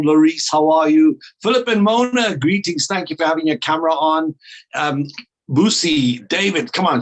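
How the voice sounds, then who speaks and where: A man's voice: fairly high pitch, fairly bright tone. A South African man leading an online training call, greeting attendees with playful, upbeat banter over a video call.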